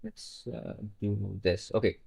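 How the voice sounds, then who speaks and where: A man's voice: fairly low pitch, steady tone, slow pace, vocal fry, mellow, husky. A young man who is not a native English speaker, chatting casually on a live stream while coding, rambling and swearing when frustrated. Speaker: livestreamer.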